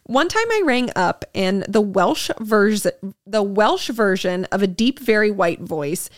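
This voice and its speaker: A woman's voice: mid-range voice, sing-song, slow, dry recording, clean studio sound. A young woman co-hosting a podcast, blunt and swearing, laughing often as she reads listener posts aloud. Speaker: podcast co-host. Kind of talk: casual chat, reading listener posts aloud.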